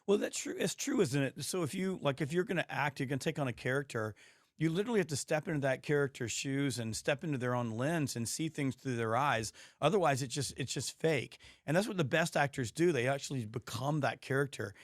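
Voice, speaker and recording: A man hosting a podcast interview, hoarse, talking emphatically and telling stories with frequent restarts. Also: medium pitch, lively intonation, brisk, no room sound, clean studio sound. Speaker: podcast host. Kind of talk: casual interview chat.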